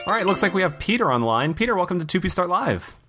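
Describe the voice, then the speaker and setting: A man co-hosting a casual podcast, playful and quick to laugh as he takes callers. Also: high voice, sing-song, sharp tone, faint music behind. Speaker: podcast co-host.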